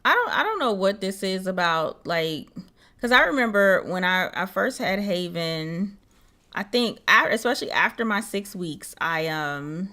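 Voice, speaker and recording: A young woman co-hosting a casual podcast, talking in a lively way and jumping high in pitch when she mocks what other people say. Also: a little slow. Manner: animated, swoops high when mocking others. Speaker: podcast co-host.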